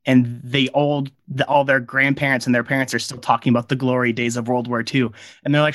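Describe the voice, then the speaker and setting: A man's voice: mid-range voice, little pitch movement, fairly quick, a bit bright, no echo, studio quality. A man hosting a casual behind-the-scenes podcast interview about his audio drama, rambling into friendly tangents with lots of fillers.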